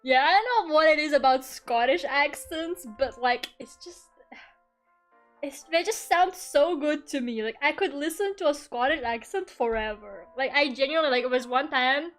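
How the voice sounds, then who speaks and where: A young woman streams her art and chats casually while drawing, rambling, laughing a lot, and swearing freely. Her voice is high-pitched and her speed is normal, with soft music playing in the background.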